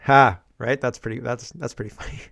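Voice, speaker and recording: A man's voice: mid-range voice, fairly even intonation, fairly quick, gravelly, a bit bright, dry recording, studio quality. A man who hosts a casual political commentary show, talking sarcastically with chuckling asides. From Canada.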